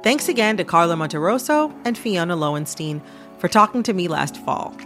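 A woman's voice: fairly low pitch, animated, fairly quick, fairly bright tone, soft background music. A woman hosting a radio interview, asking reflective, thoughtful questions. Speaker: podcast host.

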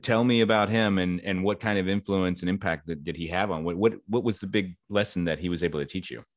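A man's voice: low-pitched, fast talker, no echo, studio quality. A man hosting an interview, asking easygoing, rambling questions. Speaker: interviewer, host. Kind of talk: casual interview.

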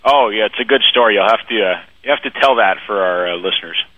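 A man hosting a casual podcast chat, chiming in with quick remarks and laughing at his guest's story. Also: fairly low pitch, no room sound. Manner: quick reactive interjections and laughter. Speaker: podcast host. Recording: phone-like lo-fi, dry.

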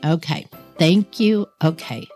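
A woman's voice: sits low, slow, mellow, faint music behind. A woman voicing a mother on the phone who answers apologetically and reassuringly. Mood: apologetic.

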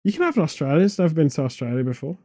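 A man co-hosting a comedic casual chat, rambling through absurd film pitches in an animated and easily exasperated way. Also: racing, a crowd in the background. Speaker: podcast co-host.

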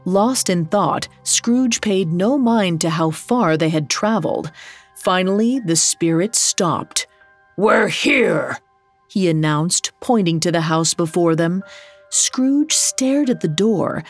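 A woman narrating a scripted storybook in a measured, gently dramatic way. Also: fairly low pitch, lively intonation, soft background music.

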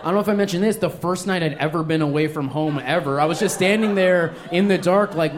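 A young man on stage in stand-up mode, his voice sitting a little high for a man. He tells his story in an animated, self-mocking way, playing out scenes from his youth. A faint hum of ambient noise runs under the recording. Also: quick pace, hardly any pauses. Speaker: stand-up comedian.

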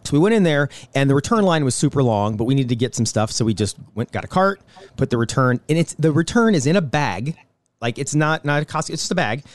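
Brief: quick, animated male co-host, dry close mic, plays out quoted voices in his story. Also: mid-range voice, dry recording. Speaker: show co-host. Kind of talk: casual chat.

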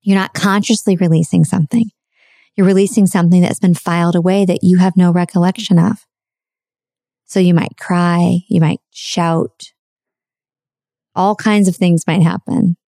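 In a steady, low, mellow voice with some gravel to it, a middle-aged woman shares a personal story earnestly. She repeats herself and lingers on words for emphasis, recorded close and dry with no room sound.

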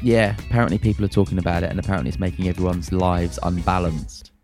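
A man's voice: low-pitched, fairly even intonation, fast, darkish tone, soft background music. A man co-hosting a podcast, chatting frankly and jokily with plenty of fillers. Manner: frank and jokey, lots of fillers. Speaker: podcast co-host. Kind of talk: casual chat.

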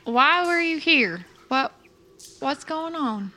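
Motherly adventurer played by a woman, soft and soothing, bright, a touch high. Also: animated, takes it slowly, full character voice. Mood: gentle.

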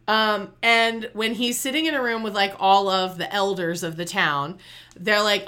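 A young adult woman casually retelling a movie plot to a co-host, talking in an animated way, full of "like" and "okay?". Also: mid-range voice, measured pace. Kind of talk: casual chat.

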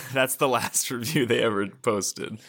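A man's voice: medium pitch, takes it slowly, gravelly, a bit bright, husky. A man co-hosting a comedy podcast in casual chat, cracking dry jokes with stammering restarts. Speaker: podcast co-host. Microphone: podcast mic.

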